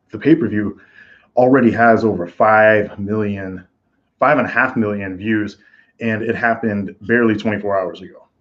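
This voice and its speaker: This live reaction commentary comes from a host whose voice sits fairly low; he rambles through his thoughts in a casual way, often restarting and filling pauses. A basic home mic gives the recording a dull, lo-fi sound.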